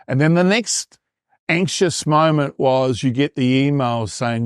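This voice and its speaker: A man's voice: mid-range voice, expressive, unhurried, no room sound, studio quality. A New Zealand man in his fifties, a performance coach telling his story in an interview and acting out his past thoughts. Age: 50s.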